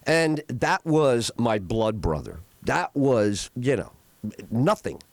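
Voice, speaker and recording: A middle-aged man hosts a talk radio show, his voice swooping high and low as he rambles through heartfelt stories, full of restarts. He sounds choked up as he talks, close to tears. The studio sound is completely dry. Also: sing-song, slow, gravelly, no echo. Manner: emotional, rambling storytelling with restarts. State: tearing up. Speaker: radio host. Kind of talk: casual talk radio monologue.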